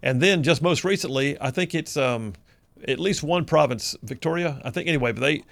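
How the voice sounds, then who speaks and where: A man's voice: on the high side, fairly quick, creaky, dry recording. A man hosting a talk radio show, reading out listener texts in a folksy, chatty way. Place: radio studio.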